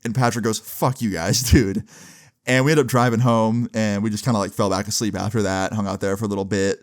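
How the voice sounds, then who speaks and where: A man's voice: lowish voice, level tone, quick pace. A young man telling a story on his vlog in casual slang, swearing and laughing as he goes. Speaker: vlogger.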